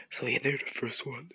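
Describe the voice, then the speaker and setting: A man's voice: medium pitch, pushed and bright, husky. A man improvising a fan story off the top of his head, rambling and self-correcting with a slangy, casual manner. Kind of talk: improvised fan-fiction narration.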